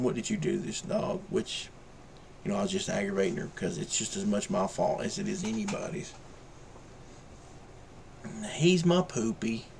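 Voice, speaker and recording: Low, gravelly man rambling casually. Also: a little mellow, a little hiss or hum. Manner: rambling, ranting, drawling. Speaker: vlogger.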